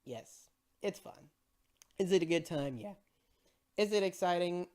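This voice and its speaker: A movie reviewer in a casual ranting review, excitable and exasperated, swearing and repeating "bro". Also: medium pitch, measured pace.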